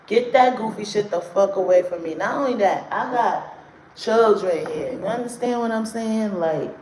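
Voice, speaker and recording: A woman hosts a casual livestream and talks straight to her viewers in a blunt, profane way, snapping back at the chat. Her voice sits at an ordinary middle pitch. It rings with room echo over a faint background hiss. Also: normal speed, a little mellow. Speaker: livestream host doing card readings. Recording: roomy echo, faint noise.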